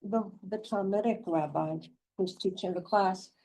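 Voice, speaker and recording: A woman's voice: mid-range voice, unhurried, dark tone, rough recording. A woman in casual discussion, thoughtful and questioning.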